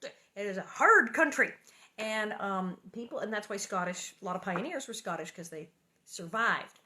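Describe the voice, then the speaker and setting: A woman's voice: medium pitch, expressive, normal speed, bright, forceful tone, slight background noise. A woman hosting a book reading, chatting casually and rambling between chapters, with frequent jokes and laughter. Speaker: host reading a children's book aloud.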